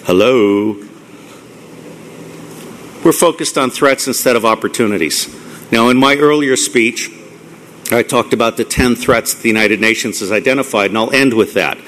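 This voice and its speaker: A middle-aged man giving a live lecture to an audience, blunt and profane, ranting excitedly. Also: medium pitch, brisk. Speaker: conference speaker.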